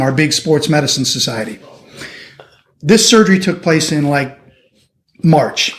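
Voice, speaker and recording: A middle-aged surgeon from the United States telling a lively anecdote in an interview, acting out the people he quotes. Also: on the high side. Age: 50s. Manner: animated anecdotal storytelling, acting out quoted voices. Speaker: orthopedic surgeon guest. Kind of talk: storytelling interview.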